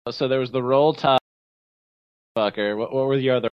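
A man's voice: mid-range voice, moderate pace, clean tone, highs cut off. A man co-hosting a casual podcast, teasing and swearing casually, with lots of fillers. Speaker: podcast co-host.

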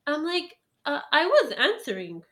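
A woman tells a long story in casual chat, her voice sitting a little high. She rambles, filling every pause with fillers and breaking into laughs as she goes. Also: wildly swooping pitch, a bit bright. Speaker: storyteller guest.

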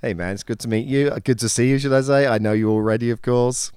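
A man with a British accent, a songwriter guest in an interview, easygoing and friendly, often trailing off softly. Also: medium pitch, steady tone, fast, clear, resonant tone, no echo, studio quality. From England. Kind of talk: casual interview.

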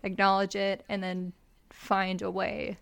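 A woman's voice: medium pitch, completely flat delivery, measured pace, gravelly, fairly bright tone, clear, resonant tone. Chatty young woman podcast co-host. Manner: chatty, heavy use of "like", often laughing. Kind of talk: casual chat.

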